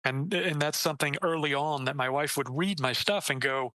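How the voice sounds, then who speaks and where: A man, a debut author, chatting casually in an interview, animated and acting out quoted lines, swearing casually and restarting sentences. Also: moderate pace, hardly any pauses, no room sound, poor audio. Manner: animated, acts out quoted lines with jumps in pitch.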